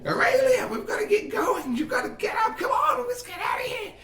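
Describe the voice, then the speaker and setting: A frantic squeaky little creature. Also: male voice, very animated, a little fast, pushed and bright, raised voice, heavily acted. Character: tiny hyperactive male creature sidekick. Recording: echoey room, far from mic.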